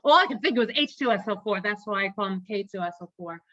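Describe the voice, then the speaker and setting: A woman chatting casually about a movie, blunt and quick to swear. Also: mid-range voice, lively intonation, pushed and bright, no room sound, lo-fi sound. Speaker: movie club panelist. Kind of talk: casual chat.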